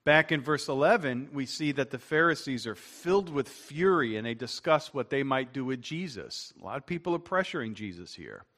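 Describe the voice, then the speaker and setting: A man preaching a sermon as pastor, earnest, slowing down and rising in force to stress his main points. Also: mid-range voice, animated, fairly bright tone.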